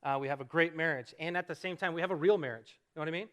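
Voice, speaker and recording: A middle-aged man preaching a sermon from the stage of a church sanctuary, with a fairly high voice and a bright, forceful tone. He talks in a relaxed, conversational way, pokes fun at himself and keeps asking the congregation rhetorical questions. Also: rapid-fire. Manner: conversational, self-deprecating storytelling with rhetorical questions. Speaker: pastor.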